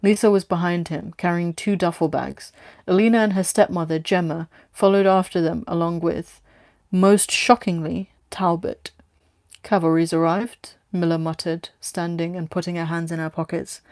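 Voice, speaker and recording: A woman reading her own story aloud with steady, plain narration. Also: lowish voice, moderate pace, no room sound, studio quality.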